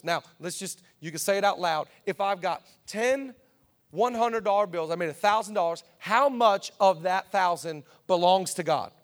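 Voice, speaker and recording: A man preaching a sermon as pastor in church, emphatic and repetitive, swinging between quiet asides and loud declarations. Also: high voice.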